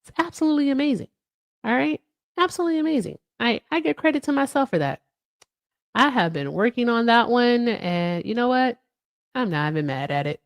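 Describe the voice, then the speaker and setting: Woman livestream host, casual chat, swears a lot, very lively pitch, dry close sound. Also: brisk, dry recording. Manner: animated, swears freely, talks to viewers in chat.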